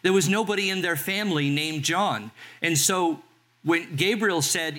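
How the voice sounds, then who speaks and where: A man in his sixties from Southern California, a pastor preaching a sermon in a conversational way and slowing down to read scripture. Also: fairly high pitch, a bit bright. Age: 60s. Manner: conversational, reads scripture slowly.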